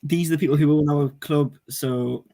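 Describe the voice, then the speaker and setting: A man's voice: fairly high pitch, fairly even intonation, normal speed, mellow. A man co-hosting a football podcast in casual chat, sarcastic and filling his talk with "like". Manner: sarcastic, fills with "like". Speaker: podcast co-host.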